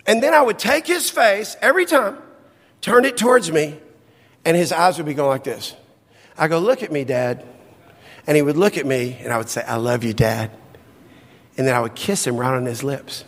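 Middle-aged male pastor with a high voice, emotional storyteller, echoing in a big hall. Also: moderate pace, pauses often. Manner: emotional, swings from soft low asides to high excited exclamations. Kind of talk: sermon storytelling. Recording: long hall reverb.

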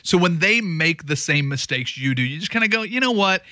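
A wry, joking man co-hosting a casual talk show who rattles through his asides. His voice is bright and sits a little high. It is recorded close on a dry studio mic. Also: lively intonation, fairly quick, no echo. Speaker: co-host. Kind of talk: casual chat.

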